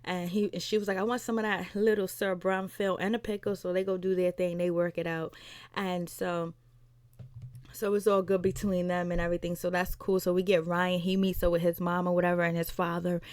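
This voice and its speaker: A woman's voice: on the low side, little pitch movement, a little fast, a little mellow, no room sound. A woman vlogger casually retelling a TV episode, acting out quotes from the cast and laughing as she goes. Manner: chatty, retells scenes with quoted voices, laughs. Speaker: TV recap vlogger.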